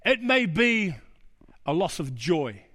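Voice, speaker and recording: A man's voice: high-pitched, sing-song, takes it slowly, pushed and bright. A male pastor preaching a sermon, emphatic and fond of repeating key words. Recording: long hall reverb.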